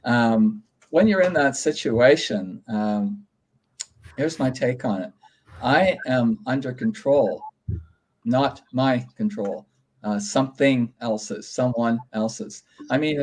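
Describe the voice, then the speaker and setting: A man from Canada, a guest author, calmly explaining in a casual interview. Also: mid-range voice, measured pace.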